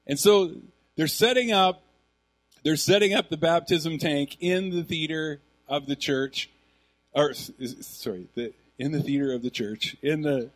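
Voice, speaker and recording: A middle-aged man delivers a sermon as a pastor. His voice sits a little high for a man. He tells stories in an animated, conversational way.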